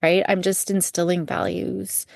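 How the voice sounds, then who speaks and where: A woman's voice: fairly low pitch, little pitch movement, a little slow, vocal fry, dry recording, clean studio sound. A woman co-hosting a podcast, talking casually and self-deprecatingly. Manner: self-deprecating, plain-spoken. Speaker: podcast co-host. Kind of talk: casual chat.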